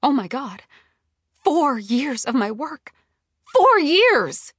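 Brief: woman playing a furious young TV exec, high and lively, close dry audiobook voice. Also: moderate pace, slightly rough, no room sound, full character voice. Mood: outraged. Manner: outraged, pleading. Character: indignant young female TV development executive. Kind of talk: audiobook character reading.

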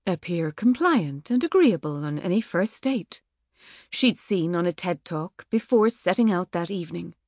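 A woman reading an audiobook in a measured, wry manner. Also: fairly low pitch, expressive, darkish tone, no echo, clean studio sound. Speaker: audiobook narrator. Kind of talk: scripted narration. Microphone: studio microphone.

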